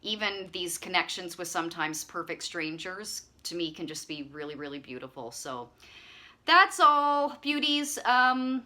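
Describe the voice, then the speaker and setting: Talking to camera on her own channel, this woman rambles warmly and chattily, leaning on frequent fillers in a friendly, casual manner. She has a lowish voice with lively intonation and an unhurried delivery.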